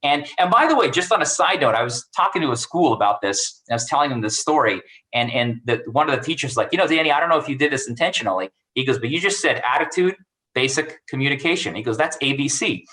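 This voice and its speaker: A man, a cybersecurity expert giving career advice through animated stories over an online call, acting out what people said. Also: mid-range voice, quick pace, low-quality recording. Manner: animated, acts out quoted dialogue.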